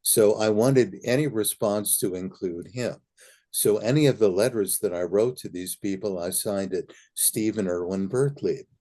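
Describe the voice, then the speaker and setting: A man's voice: lowish voice, moderate pace, dark tone. An older man, an interview guest, earnestly telling anecdotes and acting out remembered conversations. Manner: earnest storyteller who acts out remembered dialogue. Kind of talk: reminiscing anecdotes.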